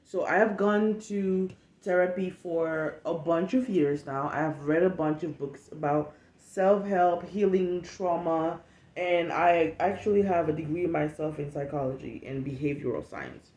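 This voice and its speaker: Animated profane woman from West Africa. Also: deep voice, unhurried, reverberant. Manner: animated, profane, emphatic, acts out quotes. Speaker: vlogger. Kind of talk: casual storytime rant.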